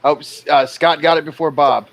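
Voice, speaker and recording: A man's voice: on the high side, fairly even intonation, moderate pace, gravelly, a little hiss or hum, low-quality recording. A man calling out bids in a casual livestream art auction, joking and exclaiming over each new bid.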